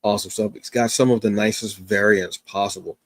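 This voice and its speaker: The host of a comics review show, tired after rising early in the morning, talks briskly in a somewhat low voice with fairly even intonation. His solo livestream chatter is casual and enthusiastic, peppered with fillers and restarts. There's no room sound.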